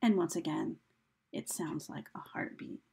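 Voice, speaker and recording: A woman teacher giving a recorded lecture, speaking slowly and deliberately, counting out beats with a few fillers. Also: deep voice, big pitch swings, gravelly, very noisy.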